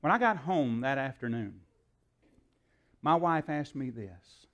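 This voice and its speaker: A man's voice: mid-range voice, expressive, slow, a bit bright. A man, a preacher telling a story in a sermon in a folksy way, acting out the dialogue, with frequent fillers.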